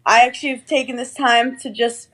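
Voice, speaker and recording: A woman's voice: a little high, fairly even intonation, a little fast, fairly bright tone. Blunt, chatty female comedian guest. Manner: chatty, blunt, with casual swearing. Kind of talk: casual chat.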